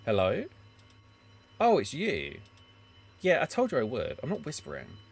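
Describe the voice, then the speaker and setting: A man's voice: mid-range voice, wildly swooping pitch, slow pace, soft background music, full character voice. A man playing a drunk, scheming writer. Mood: angry. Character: drunk bitter struggling male writer, scheming.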